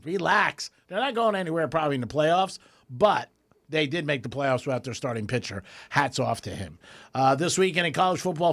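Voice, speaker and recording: A man hosting a radio talk show in a studio, ranting in an animated, exasperated way. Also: medium pitch.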